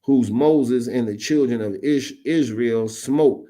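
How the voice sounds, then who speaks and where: A man preaching a sermon, reading scripture aloud and then retelling it in casual street slang, his voice jumping high on emphatic words. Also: slow pace, warm tone.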